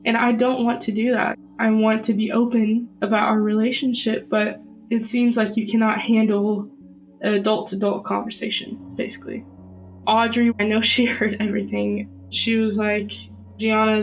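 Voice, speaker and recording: A woman's voice: fairly high pitch, little pitch movement, moderate pace, faint music behind, rough recording. A young woman earnestly recounting a personal story in a podcast interview.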